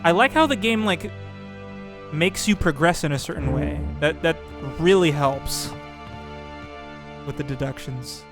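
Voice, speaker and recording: A man records casual let's play commentary, reasoning out loud in loose, rambling sentences full of fillers. His voice sits a little high, with music playing clearly behind it. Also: expressive, measured pace, pauses often. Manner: thinking aloud, rambling with fillers and restarts. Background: background music.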